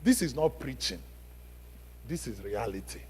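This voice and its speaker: A man preaching a sermon, emphatic, asking the congregation questions and swinging from loud to hushed. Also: medium pitch, expressive, a little slow, a little hiss or hum. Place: church sanctuary. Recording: long reverb of a church hall.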